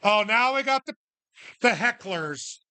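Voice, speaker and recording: A man's voice: high-pitched, animated, sharp tone. Joking male bingo caller. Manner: calls numbers slowly, jokey asides. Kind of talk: live bingo calling with banter. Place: bar.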